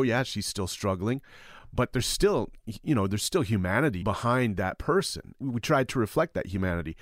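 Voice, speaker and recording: A man holds forth on a podcast panel, heated and emphatic, and he swears freely as he makes his point. His voice sits on the low side. The sound is dry and close, with no room around it. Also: dry recording. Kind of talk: heated opinion talk.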